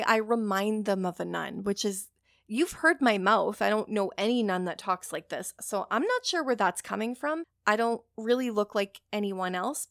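A woman's voice: medium pitch, gravelly, no room sound, studio quality. A woman in her forties, hosting a casual solo podcast and rambling candidly with plenty of swearing. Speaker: podcast host.

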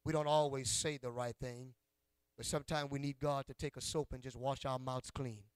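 A man's voice: medium pitch, fairly even intonation, moderate pace, smooth, dry recording. A male pastor preaching a sermon in a church, calling out to his congregation in a rhythmic call-and-response style and teasing them in a folksy, playful way. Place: church sanctuary.

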